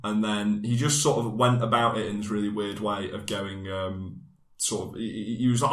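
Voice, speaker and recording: A man's voice: fairly low pitch, flat delivery, a little fast. A man co-hosting a podcast, chatting casually and joking, rambling with restarts. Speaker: podcast co-host. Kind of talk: casual chat. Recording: echoey room.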